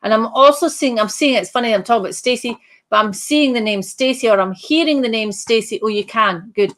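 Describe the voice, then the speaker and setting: A woman's voice: on the high side, a bit bright. Woman medium, live streamed reading, searching delivery, many restarts, talks straight to the sitter. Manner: halting, repeats and restarts phrases while searching; addresses sitters directly by name. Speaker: psychic medium.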